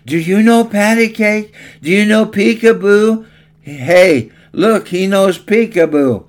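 A man voicing a ragged, drunken old man who coos loudly at a baby. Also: mid-range voice, steady tone, takes it slowly. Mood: cooing.

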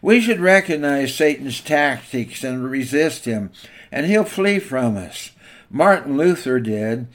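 A man's voice: medium pitch, expressive, slow. A man preaching a sermon in an emphatic, exhorting way.

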